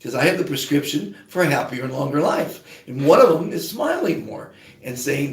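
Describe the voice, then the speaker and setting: A man's voice: a little high, very animated, moderate pace, echoey room, far from the mic. A man hosting a podcast as a life coach, giving a rambling, upbeat motivational monologue. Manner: rambling, upbeat, self-help preaching.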